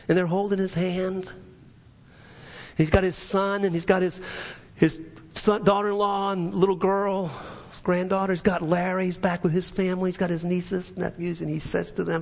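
A man preaching a sermon, telling a personal story in an earnest, halting way with many restarts. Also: high voice, little pitch movement, creaky. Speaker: pastor. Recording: echoey hall with long reverb.

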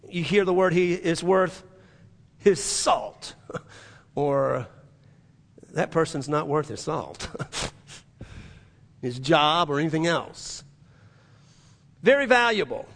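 High-voiced man preaching in a reverberant hall. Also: fairly bright tone. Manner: emphatic preaching with repeated phrases and restarts. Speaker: pastor. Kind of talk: sermon.

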